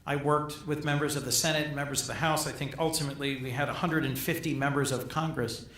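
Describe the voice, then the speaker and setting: A middle-aged man, a senator, giving a formal speech at a gala, measured and emphatic, often repeating phrases for weight. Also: mid-range voice, steady tone, a bit bright, slight background noise. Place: large banquet hall. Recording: echoey hall, captured from a distance.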